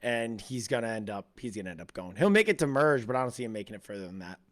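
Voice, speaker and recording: A man co-hosting a casual recap chat, relaxed and agreeable, trailing off at the ends of sentences. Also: lowish voice, quick pace. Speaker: podcast co-host.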